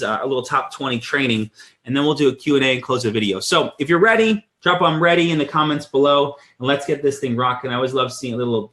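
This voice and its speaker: A man in his thirties hosting a weekly sales training call, telling a story in an energetic, animated way with many restarts. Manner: energetic storyteller, lively swings in pitch. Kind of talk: casual live-stream talk.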